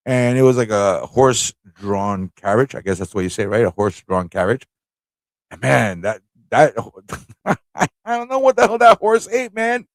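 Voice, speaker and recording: A man hosting a casual live stream from New York City spins rambling, laughing stories full of curse words. His mid-range voice comes through with no room sound.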